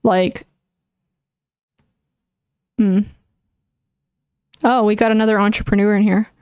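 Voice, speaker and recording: A young woman chats on a livestream, mid-pitched and plainly earnest as she works through her opinions out loud. She hedges with likes and restarts her sentences. The sound is close and dry, with no room around it. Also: fairly even intonation, slow pace, clear, resonant tone, no echo. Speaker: streamer. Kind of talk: casual livestream chat answering viewers.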